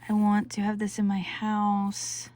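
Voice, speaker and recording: Gushing woman with a slow delivery. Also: mid-range voice, completely flat delivery, darkish tone, slight background noise. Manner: gushing, breathless, drops into whispers. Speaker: crafting channel host. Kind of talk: excited unboxing vlog.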